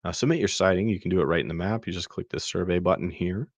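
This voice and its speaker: A man's voice: low-pitched, quick pace, no room sound. A man hosting a podcast, casually walking through a web map with many fillers and restarts. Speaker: podcast host. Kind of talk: casual screen-share walkthrough.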